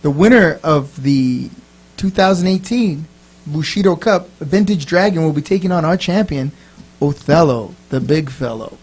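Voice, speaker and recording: A man hosting a wrestling preview panel, briskly moving the talk along. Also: on the high side, lively intonation, darkish tone, breathy edge, low-quality recording. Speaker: panel host.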